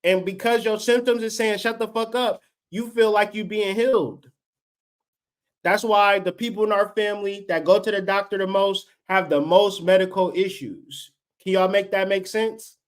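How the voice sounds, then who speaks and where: His high voice holds a steady tone at normal speed as he rants on his livestream. He's a host in his late thirties, and the unscripted tirade is profane, fired-up and preachy.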